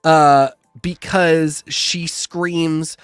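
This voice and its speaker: Brief: male co-host, higher voice, fast animated rants, dry room. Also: clear, resonant tone, dry recording, faint music behind. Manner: animated, quick ranting. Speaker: podcast co-host. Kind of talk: casual chat.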